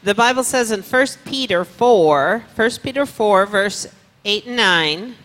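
A female pastor preaching at a church service, reading scripture aloud slowly with emphasis. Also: medium pitch, lively intonation, fairly bright tone. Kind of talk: sermon. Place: church sanctuary. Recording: long reverb of a church hall.

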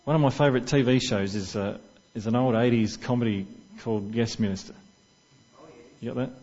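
A man preaching relaxed conversational sermon, middle-pitched voice, slightly dull lo-fi recording. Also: a little fast. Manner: conversational, asks the congregation questions.

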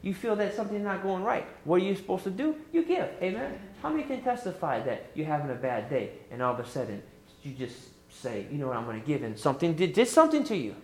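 A middle-aged man preaching a sermon as pastor, lively and emphatic, pushing up into high exclamations. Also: quick pace, slight background noise. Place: church sanctuary. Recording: echoey church room.

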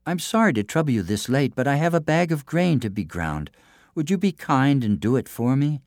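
A man's voice: mid-range voice, big pitch swings, moderate pace, a little mellow, dry recording, clean studio sound, pitched above the performer's own voice. A man voicing a bold young village woman, speaking in a spirited, defiant way. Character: bold, stubborn young Scottish village lass.

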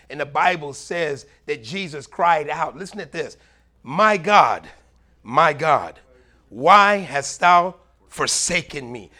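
A middle-aged man preaching a sermon as pastor, animated, swinging between loud highs and quiet low murmurs. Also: creaky.

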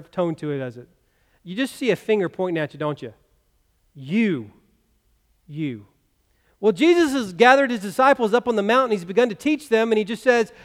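A man preaching a sermon as pastor, talking conversationally and asking the congregation rhetorical questions. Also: sits high. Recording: long reverb of a church hall.

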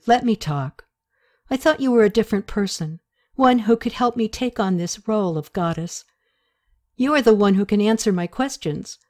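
A woman's voice: medium pitch, darkish tone, close to an everyday voice. A woman voicing a headstrong young woman taken for a goddess, blunt and defiant.

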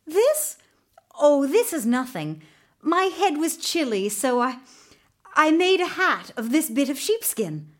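A woman voicing a frightened young boy, high and pleading. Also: animated, measured pace. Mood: nervous.

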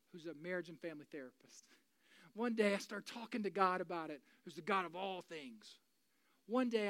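A pastor in their forties giving a sermon, moving between loud, urgent preaching and quiet, confiding talk. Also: mid-range voice, dry recording. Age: 40s. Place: church.

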